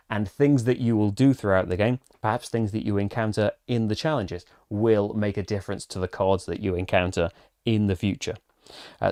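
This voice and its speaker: A man's voice: lowish voice, a little mellow, dry recording, clean studio sound. A man hosting a solo board game playthrough, explaining rules casually with many fillers and reading story passages aloud. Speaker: board game channel host.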